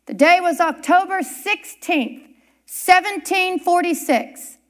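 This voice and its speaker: A woman preaching a sermon, telling a historical story with dramatic pauses and emphasis. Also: very high-pitched. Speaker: church speaker.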